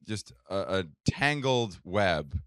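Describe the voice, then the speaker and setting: Wry lower-voiced man, dry sound. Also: very animated, a bit bright, smooth, no room sound. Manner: quick, wry and joking. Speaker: podcast co-host and comedian. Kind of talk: casual chat.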